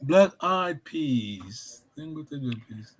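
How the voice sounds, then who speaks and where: A man teaching a language class in a high voice, often praising his students. He talks haltingly, repeating and restarting his phrases as he explains. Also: animated, breathy edge.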